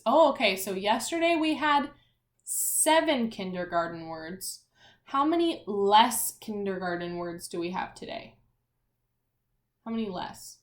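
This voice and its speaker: A woman teacher talks young children through a spelling lesson, spelling out every letter and sound. She speaks slowly and clearly at a medium pitch and keeps asking the class questions. The room around her has a noticeable echo. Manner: encouraging, asks questions to the class.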